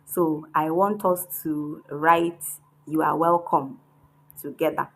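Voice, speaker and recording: A woman's voice: deep voice, steady tone, takes it slowly, a bit bright, a little hiss or hum, poor audio. A woman teaching a beginners' Chinese lesson, explaining patiently while writing characters and often checking in with a questioning "hmm?". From Nigeria.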